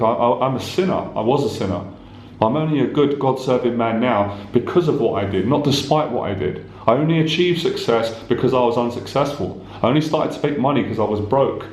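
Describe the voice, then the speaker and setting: An intense male life coach preaches straight to the viewer in short, repetitive bursts, now and then swearing. His voice sits at a middle pitch. The echoey room gives it a roomy sound. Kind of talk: direct-to-camera motivational talk.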